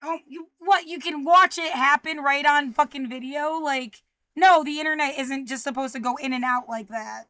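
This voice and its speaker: A high-pitched woman in an upset, frightened state, ranting with constant swearing. She drops to low mutters and then bursts out loud. The sound is dry and close. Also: moderate pace, dry recording. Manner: swearing, shifting between muttering and shouting. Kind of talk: agitated personal video rant.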